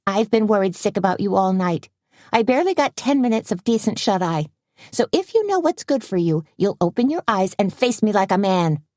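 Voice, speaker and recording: A woman's voice: on the low side, expressive, moderate pace, darkish tone, no echo, studio quality, pitched above the performer's own voice, close to an everyday voice. A woman reading an audiobook, voicing a brash, anxious woman who scolds her husband in a raised voice. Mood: exasperated. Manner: bossy, exasperated.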